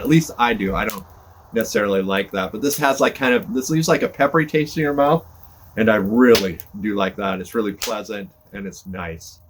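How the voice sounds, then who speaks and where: An older man, a podcast host, chatting casually and rambling in a folksy, self-deprecating way while sitting by a fire on his porch. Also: on the low side. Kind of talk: casual chat to camera. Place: front porch by a fire, outdoors. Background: fire crackling, passing cars.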